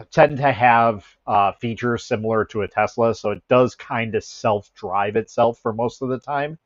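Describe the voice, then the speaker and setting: On a dull, roomless recording, a man with a lowish voice runs a laid-back livestream from the Chicago area, chatting with and reading his chat. He meanders, cuts himself off to start over, and laughs a lot.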